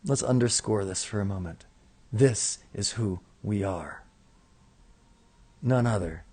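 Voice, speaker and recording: A man's voice: lowish voice, takes it slowly, breathy edge. Man chanting rhythmic spiritual invocations. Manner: rhythmic, incantatory, repeating lists with rising emphasis; slips into relaxed asides to listeners. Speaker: spiritual teacher leading a live invocation session.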